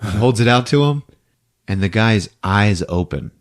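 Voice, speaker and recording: A man hosting a podcast, recapping a movie scene by scene, jumping into quick character voices and laughing often. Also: on the low side, lively intonation. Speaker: podcast host.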